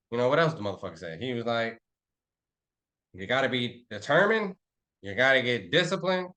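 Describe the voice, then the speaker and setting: A man's voice: medium pitch, fairly bright tone. Brash young male trading coach, street slang, profane, bragging, everyday mid-range voice. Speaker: trading instructor. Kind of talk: live trading class.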